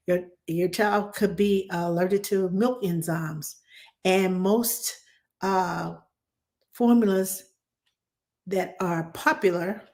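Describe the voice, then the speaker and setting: Woman hosting a casual live Q&A as a nanny. She talks animatedly and conversationally, uses plenty of fillers and restarts, and repeats key points for emphasis. She breaks into quick playful voices when she quotes someone. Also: on the low side, a little mellow. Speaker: nanny answering viewer questions.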